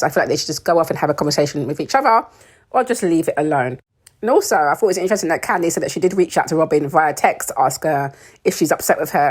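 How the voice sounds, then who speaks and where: A British woman with a low voice chats through a reality TV recap in a casual, sarcastic way. She is opinionated and laughs often. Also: husky. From United Kingdom. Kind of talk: casual commentary.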